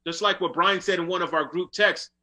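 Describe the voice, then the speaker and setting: A man's voice: high voice, brisk, bright, forceful tone, a little hiss or hum, poor audio. A man co-hosting a casual sports talk show, joking around with corny dad jokes. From New York. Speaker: podcast co-host.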